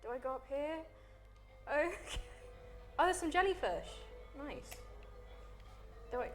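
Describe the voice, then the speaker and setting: A young woman, a student guest, playing a game and chatting excitedly with giggles. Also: high-pitched, unhurried, faint music behind.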